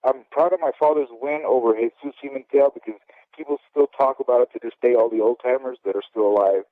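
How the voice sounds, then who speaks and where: Speaking fast in a medium-pitched voice, a man in his fifties who used to box recounts his life during an interview, rambling candidly and repeatedly checking "okay?". The recording is dry and sounds like a phone.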